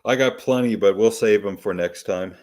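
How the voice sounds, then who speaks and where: A man's voice: lowish voice, moderate pace, darkish tone. A Canadian man co-hosting a podcast, telling stories in a wry, matter-of-fact way. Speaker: podcast co-host. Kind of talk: casual chat.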